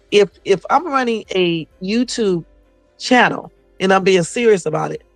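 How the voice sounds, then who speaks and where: A woman's voice: mid-range voice, dry recording. A blunt, sassy woman chatting live on her phone, cursing freely and talking straight to her viewers. The sound is dry and close, with faint music underneath. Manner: blunt, sassy, profane storytelling. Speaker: YouTube livestream host. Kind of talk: casual livestream chat.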